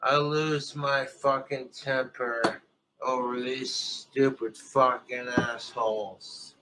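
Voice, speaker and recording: A man ranting furiously, shouting and cursing in a recorded video clip. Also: medium pitch, level tone, slow pace. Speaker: video creator in a played clip. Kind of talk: raging rant. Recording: loud noisy clip audio.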